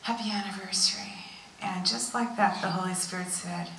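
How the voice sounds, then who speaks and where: A woman, a visiting pastor, telling a story in a sermon with animated delivery that drops to hushed tones for emphasis. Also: fairly low pitch, normal speed, slight background noise. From United States. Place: church hall. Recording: echoey church hall, voice from far off.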